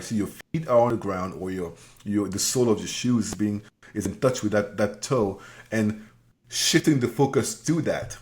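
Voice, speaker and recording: A man hosting an interview podcast, reflectively paraphrasing and affirming his guest. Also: on the low side. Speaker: podcast host. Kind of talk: conversational interview.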